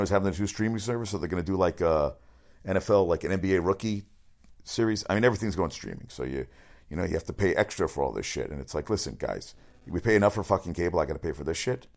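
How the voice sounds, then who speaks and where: Gravelly low-voiced sports radio man. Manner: rambling, excitable, swears often. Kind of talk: casual sports news rundown.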